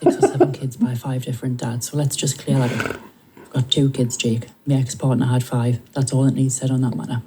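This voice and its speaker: A woman's voice: very deep voice, level tone, fairly quick, mellow, a little hiss or hum. A woman making a pointed, defensive rebuttal of criticism aimed at her. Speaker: subject of the clips, answering criticism. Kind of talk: filmed personal rebuttal.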